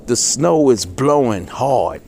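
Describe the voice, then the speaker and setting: A middle-aged man telling a rough jail story in casual street talk, swearing constantly and acting out the people he quotes. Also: mid-range voice, takes it slowly, a little hiss or hum. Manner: animated, swears constantly, voices characters in quotes.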